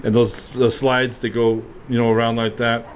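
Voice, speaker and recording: A man's voice: mid-range voice, level tone, normal speed, a little hiss or hum. A man co-hosting a podcast, chatting casually and often laughing as he jokes. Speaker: podcast co-host. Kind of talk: casual chat.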